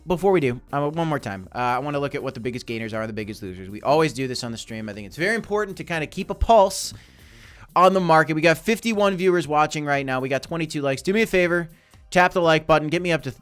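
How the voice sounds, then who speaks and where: A man's voice: a little high, smooth. A man hosting a casual crypto market livestream, talking energetically and hammering his points with repetition. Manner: energetic, emphatic, repeats points.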